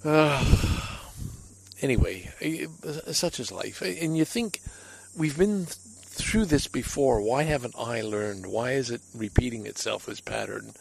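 A man speaks in a relaxed personal monologue from the deck of his home. His voice is gravelly with a noticeable fry at the bottom, and his pitch sits in an ordinary middle range. He rambles candidly and is hard on himself. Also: a little slow, poor audio. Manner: candid, self-critical, rambling.

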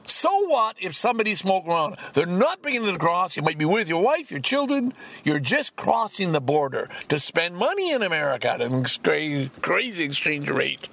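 A man's voice: on the high side, sing-song, moderate pace, vocal fry, hardly any pauses, fairly bright tone. A man hosting a podcast, ranting angrily and profanely with heavy emphasis. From Canada. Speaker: podcast host. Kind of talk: solo podcast rant.

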